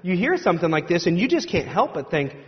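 A man's voice: high voice, big pitch swings, fast. A male pastor giving a conversational, joking sermon in a church sanctuary, acting out the voices of the crowd. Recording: dull sound with long hall reverb.

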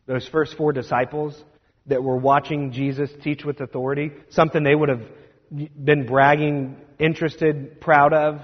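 A man's voice: mid-range voice, slightly rough. A man preaching a sermon in a conversational, storytelling way, often checking in with "right?". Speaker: pastor. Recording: dull sound with long hall reverb.

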